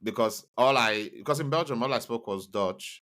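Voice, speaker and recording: A young man co-hosting a casual podcast chat, relaxed, with stammering restarts. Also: medium pitch, moderate pace. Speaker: podcast co-host.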